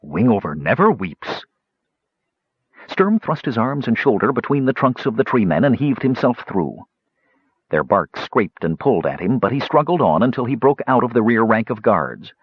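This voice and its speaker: Husky man narrating an audiobook. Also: mid-range voice, moderate pace, no room sound. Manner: expressive storytelling. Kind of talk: scripted narration. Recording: slightly dull lo-fi recording.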